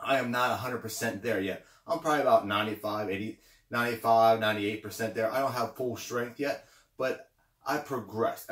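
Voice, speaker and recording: A man's voice: mid-range voice, recorded from a distance. Encouraging man giving a roomy pep talk. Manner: encouraging, repeats phrases, frequent okay and right. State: slightly winded. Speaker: motivational vlogger. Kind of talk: casual motivational pep talk. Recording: roomy sound, away from the mic.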